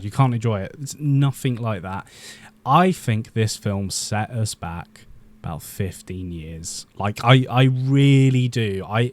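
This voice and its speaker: A man hosting his own video channel, chatting casually and with strong opinions about upcoming superhero films, often pausing with "um" and restarting sentences. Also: fairly low pitch, a little mellow. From Britain. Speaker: YouTube film commentator.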